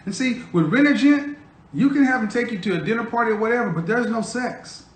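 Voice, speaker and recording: A man with a very high-pitched voice talks briskly into a phone. Hosting a live stream, he delivers a casual monologue, lecturing his audience and teasing them in a provocative, mocking manner.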